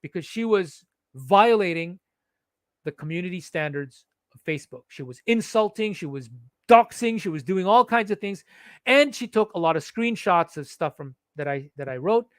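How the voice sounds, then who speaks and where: Man, high-pitched, insistent, rhetorical questions, restarts words, dry close sound. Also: animated, moderate pace, no echo. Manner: insistent, repeats and restarts words, asks and answers own questions. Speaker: social media commentator. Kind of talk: emphatic first-person account to camera.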